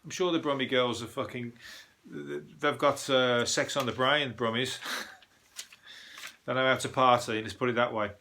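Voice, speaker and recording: Bright-voiced, swearing comedian man. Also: medium pitch, fairly even intonation, normal speed, long pauses, slight background noise. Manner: profane, rambling, chuckles often. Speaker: comedian podcast host. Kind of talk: casual comedic news monologue.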